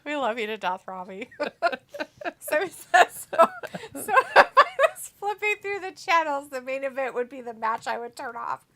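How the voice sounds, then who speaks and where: A woman's voice: high-pitched, sing-song, normal speed, pushed and bright. A woman co-hosting a casual live watch-along stream, reading viewer comments aloud and laughing easily. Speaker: stream co-host reading chat.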